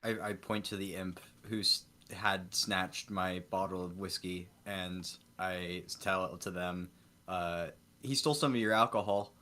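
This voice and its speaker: A man's voice: sits low, steady tone, measured pace, pushed and bright, slight background noise. A man taking part as a player in a tabletop role-playing game, talking in a hesitant, amused way.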